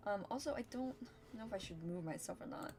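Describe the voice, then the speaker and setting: A woman's voice: medium pitch, animated, fast, darkish tone. A woman streamer chatting casually and giggling while she plays and thinks aloud. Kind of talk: casual game commentary.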